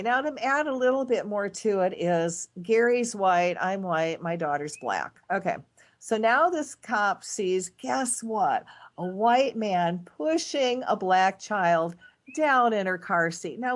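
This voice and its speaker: Brief: middle-aged woman, casual storyteller, mid-pitched, animated delivery. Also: unhurried. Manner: animated, dramatic swings in voice when retelling events. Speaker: guest.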